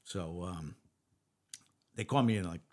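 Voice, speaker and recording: A very low-pitched older man, spinning a lively anecdote in a casual interview. He plays out the other people's lines as he goes. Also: measured pace. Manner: animated anecdote teller acting out dialogue. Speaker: retired police lieutenant, guest.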